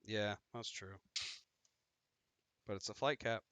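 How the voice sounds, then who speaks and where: A man's voice: fairly low pitch, takes it slowly, fairly bright tone, clear, resonant tone, dry recording, dull audio. A man hosting a casual livestream chat, joking and swearing freely as he talks. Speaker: stream host.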